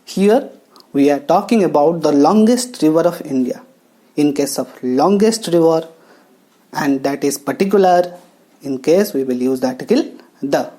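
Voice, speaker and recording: A woman teaching English grammar, talking slowly and explaining each step with pauses. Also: sits low, expressive, mellow. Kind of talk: classroom lesson narration. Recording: faint background music.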